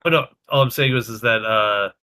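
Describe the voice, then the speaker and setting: A man's voice: medium pitch, a little fast, bright, forceful tone. A man co-hosting a casual chat, playful and enthusiastic, cracking jokes. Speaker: co-host.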